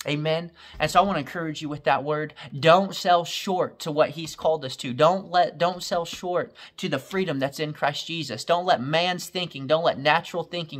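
A man's voice: on the high side, normal speed, hardly any pauses, fairly bright tone. A man preaching a recorded sermon in a fervent, repetitive cadence.

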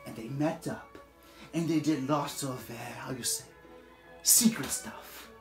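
A woman playing a quirky male history professor who tells the story in halting, broken grammar. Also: very deep voice, echoey room, faint music behind. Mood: animated.

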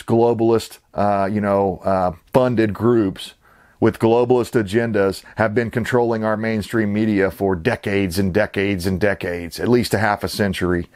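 A man's voice: fairly low pitch, darkish tone. A man hosting his own channel, ranting with sarcastic, indignant, rambling commentary. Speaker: channel host.

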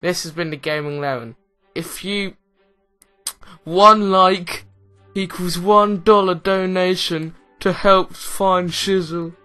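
Young english guy doing lets play commentary, bright voice, rambly and excitable. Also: high-pitched, slow, smooth, faint music behind. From England. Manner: rambling, excitable, self-mocking. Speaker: gaming commentator.

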